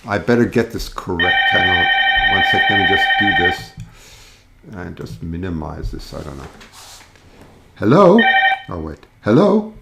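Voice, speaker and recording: A man's voice: deep voice, steady tone, normal speed, gravelly, heavy background noise. A man hosting a live call-in show, chatting casually and rambling, with lots of fillers and restarts.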